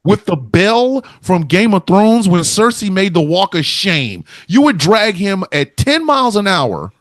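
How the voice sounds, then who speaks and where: A profane, animated man riffing on a comedy podcast. His pitch leaps all over as he acts out quotes, and the dry close mic keeps every word up front with no room around him. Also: measured pace, no echo. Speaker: podcast host. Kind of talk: casual comedic chat.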